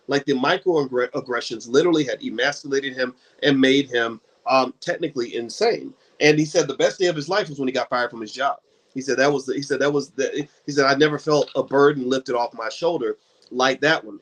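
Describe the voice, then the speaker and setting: A middle-aged man hosting a book club talk, telling stories in an animated way and often restarting with quick stammers. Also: mid-range voice. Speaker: host.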